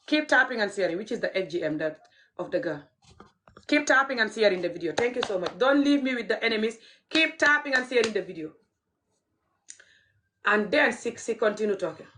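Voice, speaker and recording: A woman's voice: medium pitch, animated, brisk, fairly bright tone. A woman talking straight to her viewers in an impassioned commentary vlog. She mixes English with her local language, repeats phrases and keeps urging people to share. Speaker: video commentator.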